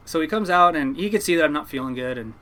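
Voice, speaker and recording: A man, a fishing boat captain, telling stories from his life at sea to a podcast host in a lively, laughing way. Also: fairly high pitch, moderate pace. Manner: animated yarn-spinner, laughing at his own story. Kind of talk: casual storytelling.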